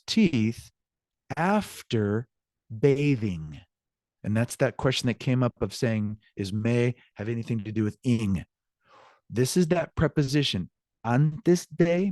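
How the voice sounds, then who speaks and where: Here a man with a medium-pitched, slightly mellow voice teaches a recorded online Spanish class. He explains grammar patiently, checks in with students often and answers their questions aloud, all in clean studio sound without echo.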